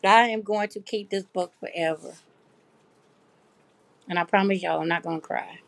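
Speaking at a moderate pace in a creaky mid-range voice, a middle-aged woman hosts a craft stream live. There's no echo as she reads comments and chats casually with viewers.

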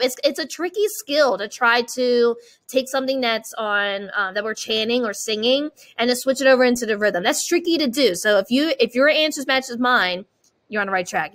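A woman's voice: a little high, a bit bright. A woman music teacher giving an online rhythm lesson. She talks encouragingly, chants rhythm syllables and often checks in with "okay?".

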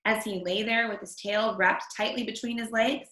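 A woman reading a picture book aloud to children, expressive, stopping to comment on the story. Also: fairly high pitch, moderate pace. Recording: echoey room.

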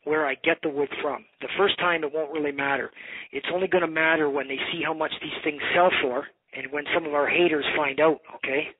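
A man's voice: fairly high pitch, fairly even intonation, brisk, breathy edge. A man telling a long rambling story in a casual phone conversation, swearing now and then. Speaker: bow maker. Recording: tinny phone line.

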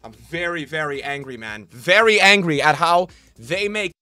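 A young man commentating his own football video game on a stream, with a sore throat, grumbling low and then bursting out loud and swearing. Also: normal speed, dry recording, faint music behind. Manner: swings from flat grumbling to loud outbursts, swears a lot. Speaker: gaming streamer. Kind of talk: live gameplay commentary.

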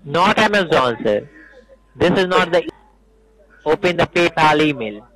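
A man's voice: on the high side, animated, measured pace, a bit bright. A man in his forties on a phone call, insistently repeating instructions and turning rude. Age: 40s. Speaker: scam caller.

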